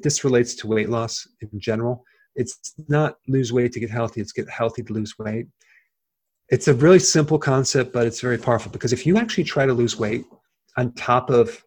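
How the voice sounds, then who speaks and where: A health video creator, this man is a guest in a casual interview and has a mid-range, slightly mellow voice. He explains things in plain terms, often using fillers and restarting his sentences.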